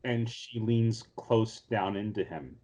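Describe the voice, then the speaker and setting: A man co-hosting a laid-back podcast tells the story of an anime episode in a meandering way, with many ums and false starts. His voice is lowish, slow and warm.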